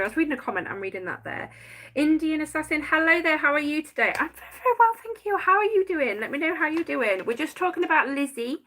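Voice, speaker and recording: A woman's voice: lowish voice, sharp tone. A woman chatting casually on a live stream, rambling and getting sidetracked while she reads viewers' comments. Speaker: paranormal vlogger.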